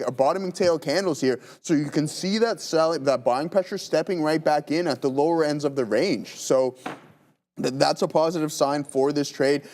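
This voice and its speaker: A man giving live trading commentary in a slightly higher than average voice. He talks straight to viewers, with plenty of fillers and "right?" tag questions. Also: darkish tone. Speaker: day trader co-hosting a live market stream.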